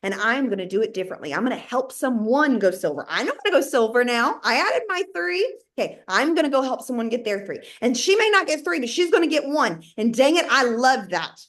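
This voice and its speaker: Animated Southern woman giving a pep talk. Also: a little high, quick pace, hardly any pauses. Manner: animated, talks to herself and the listener, plays out inner dialogue. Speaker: network marketing team leader. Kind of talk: motivational talk.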